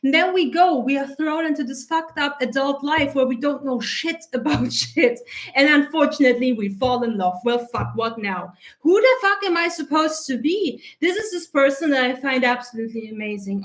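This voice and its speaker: Woman coach with a high voice, blunt and sweary, animated, teary-eyed from an allergy. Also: normal speed. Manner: blunt, heavily profane, animated. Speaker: self-concept coach. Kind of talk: casual spoken monologue.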